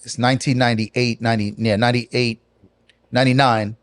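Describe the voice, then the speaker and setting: A man's voice: medium pitch, no echo. Man with speech. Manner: animated, patois-laced, drawn-out pauses. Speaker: guest. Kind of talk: casual storytelling interview.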